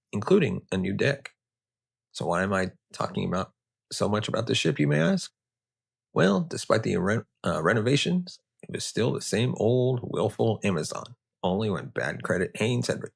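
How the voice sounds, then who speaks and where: A man's voice: lowish voice, creaky, husky. A man hosting a history show, narrating with joking, conversational asides. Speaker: host.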